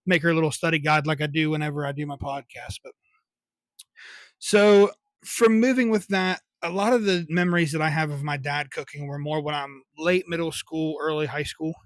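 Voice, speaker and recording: A man's voice: fairly high pitch, normal speed, no room sound. A young man, hosting a podcast and telling casual, rambling childhood stories with swearing and laughter. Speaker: podcast host. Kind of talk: casual solo storytelling.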